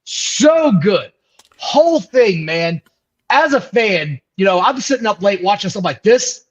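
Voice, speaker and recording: Brief: male co-host, casual slangy storyteller, wide-ranging pitch. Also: very animated, a little slow. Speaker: podcast co-host. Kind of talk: casual chat. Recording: dull lo-fi sound.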